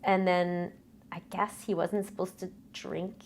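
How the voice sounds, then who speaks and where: A young woman singer being interviewed in a casual chat. She recalls stories hesitantly and laughs softly. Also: lowish voice, level tone, unhurried. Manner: hesitant, many fillers and restarts, soft laughs.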